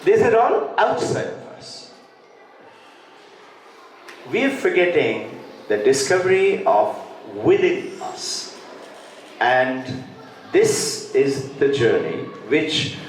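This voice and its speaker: Male school head, motivational storyteller acting out his characters, raised pitch, distant mic in a booming hall. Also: a little hiss or hum. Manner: tells parables, acting out characters' lines. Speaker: school president addressing teachers. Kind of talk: inspirational talk with storytelling.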